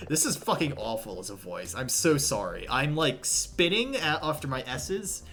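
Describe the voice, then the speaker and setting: Self-mocking woman streamer, lively pitch. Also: moderate pace, hardly any pauses. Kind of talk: casual commentary while streaming a game.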